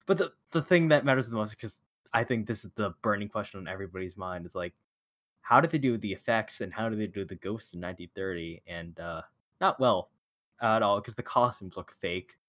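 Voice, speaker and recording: A man's voice: fairly low pitch, fairly quick, fairly bright tone. A man co-hosting a casual podcast over a call, bluntly critical and laughing often as he talks. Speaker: podcast co-host. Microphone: remote call mic.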